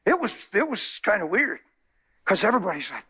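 Male preacher, fairly high husky voice, lively storyteller. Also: fairly quick. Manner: animated, acts out people in his stories. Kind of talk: sermon with storytelling.

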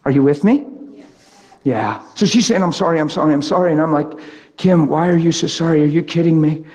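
A man preaches in a high, ringing voice. He tells a personal story with spontaneous emphasis, jumping into acted-out quotes from people in the story. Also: a little fast, a little mellow. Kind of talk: sermon with personal testimony.

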